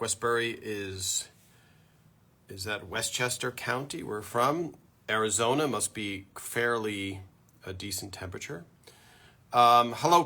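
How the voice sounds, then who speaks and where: A man's voice: medium pitch, pushed and bright. A man hosting a live fan show, chatting casually and greeting viewers one by one on a stream from home through a built-in computer mic.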